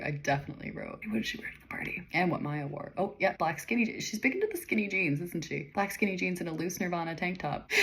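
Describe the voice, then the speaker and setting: A woman's voice: sits low, a bit bright, low-quality recording. A young woman reading passages from her old novel and chatting about them, self-mocking and laughing often. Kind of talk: casual chat reading from a manuscript.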